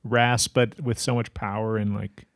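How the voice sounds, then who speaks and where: A man's voice: lowish voice, level tone, unhurried, dry recording, studio quality. A man co-hosting a podcast in casual chat, curious and full of questions. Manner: curious, asks lots of questions. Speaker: podcast co-host.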